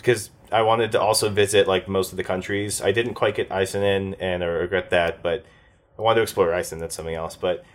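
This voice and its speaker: A man with a very deep voice looks back on the tabletop campaign he ran as game master. He talks casually and rambles, stopping often with fillers and restarts. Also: fairly even intonation, a little fast. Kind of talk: casual post-game chat.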